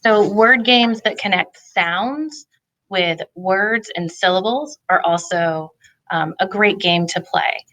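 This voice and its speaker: A woman's voice: medium pitch, slow, pushed and bright, muffled recording. A woman presenting a reading lesson for parents, explaining in a friendly way with the odd filler. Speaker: family literacy presenter. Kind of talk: instructional talk for parents.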